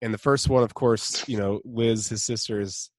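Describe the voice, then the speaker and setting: A man's voice: on the low side, steady tone, moderate pace, no room sound. A man co-hosting a podcast in casual chat. He talks enthusiastically, laughs often and acts out quotes. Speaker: podcast co-host.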